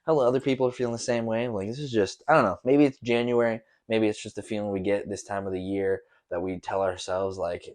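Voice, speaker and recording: Young man, low voice, casual solo podcast, loose profane slangy rambling. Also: fairly even intonation, fast talker, few pauses, darkish tone. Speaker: podcast host.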